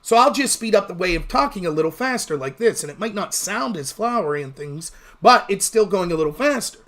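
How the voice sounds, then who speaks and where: Fast-talking high-voiced man host. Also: expressive, a bit bright. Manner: fast-talking, blunt and profane. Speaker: livestream host. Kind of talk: casual livestream commentary.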